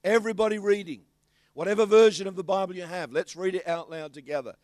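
An Australian man preaching a sermon as pastor, telling stories in an animated, bantering way. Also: sits high, quick pace, dry recording.

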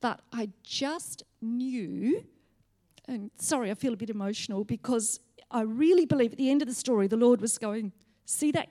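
A woman's voice: on the high side, dark tone. A woman giving a personal testimony from a church stage, speaking in a frank, chatty way.

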